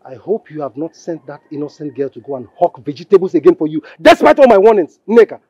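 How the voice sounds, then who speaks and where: A man's voice: on the high side, animated, quick pace, darkish tone, slightly rough, dry recording. An actor playing a stern husband with a Nigerian accent, warning his wife. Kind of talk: Nollywood film acting.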